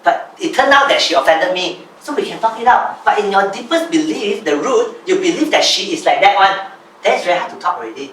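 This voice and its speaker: A man, coaching a small group in an animated way and reading aloud from his own journal. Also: high-pitched, fairly quick, slight background noise. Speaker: business coach. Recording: roomy, voice from a distance, faint ambience.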